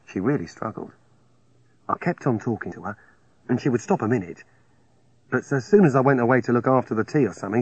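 A man narrating a first-person story in a plain, halting, confessional way. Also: medium pitch, darkish tone, breathy edge, no room sound. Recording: dry, slightly dull studio recording.

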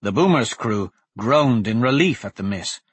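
Husky male audiobook narrator. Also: medium pitch, no room sound. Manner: measured, steady reading. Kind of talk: scripted fantasy narration.

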